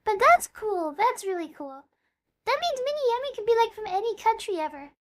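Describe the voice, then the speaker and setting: A woman's voice: very high voice, very animated, a little fast, heavy background noise. A woman VTuber chatting casually on a live stream, bubbly and talkative, dropping playful meows between sentences.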